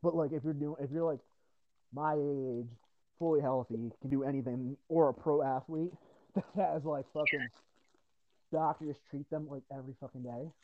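A man's voice: on the high side, fairly even intonation, normal speed, no echo. A young man from New Jersey, chatting casually on a podcast, swearing a lot and laughing through his rants. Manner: profane, laughing, ranting. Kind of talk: casual chat. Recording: dull lo-fi dry sound.

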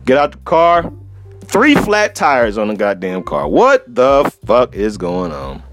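A man's voice: mid-range voice, huge pitch swings, slow pace, a bit bright, faint music behind. A man hosting a solo podcast, telling a travel story in a profane, laughing, casual way. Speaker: podcast host.

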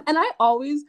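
A young woman co-hosting a podcast, telling a story in casual chat, animated and laughing often. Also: extremely high pitch, noisy background. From family from Nigeria. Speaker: podcast co-host.

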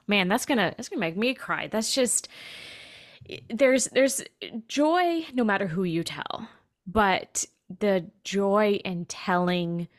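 Podcast host, woman, low voice, animated pitch, affirming and emotional, dry close sound. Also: no room sound. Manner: warm, affirming listener, emotional. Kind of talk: casual interview.

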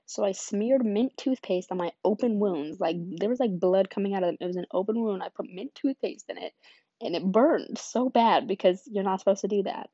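A woman's voice: mid-range voice, lively intonation, fairly quick, dark tone, dry recording, lo-fi sound. A young woman vlogging, telling rambling stories in a casual, giggly way with lots of fillers. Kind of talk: casual storytelling chat.

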